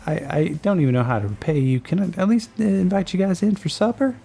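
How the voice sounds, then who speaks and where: An emotional older rancher in a tabletop game speaks in a high, wavering voice, overflowing with gratitude. A man acts him out, and soft music plays underneath. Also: fast, gravelly, breathy edge, full character voice. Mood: grateful.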